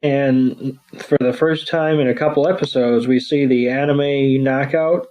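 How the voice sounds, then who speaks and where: Slow-talking man recapping casually. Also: mid-range voice, steady tone, dark tone, rough recording. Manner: slow, rambling recap with crude jokes and quick character voices. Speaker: podcast host recapping an episode. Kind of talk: casual chat.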